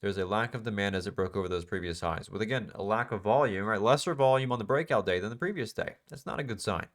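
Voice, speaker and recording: A man's voice: on the low side, fast. Casual emphatic male trading teacher. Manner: casual, emphatic, repeats phrases, asks questions. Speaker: trading instructor. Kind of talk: live class walkthrough.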